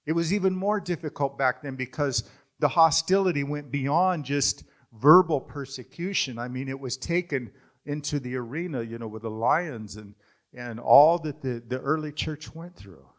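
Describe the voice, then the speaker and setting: A man's voice: medium pitch, moderate pace. A man preaching a sermon, earnest and emphatic, repeating key phrases. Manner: earnest, emphatic repetition with restarts. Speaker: pastor.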